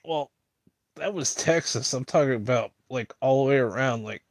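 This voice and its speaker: A man's voice: medium pitch, normal speed, no room sound. Dry-voiced man rambling casually. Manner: rambling, filler-heavy, mocking. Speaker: streamer.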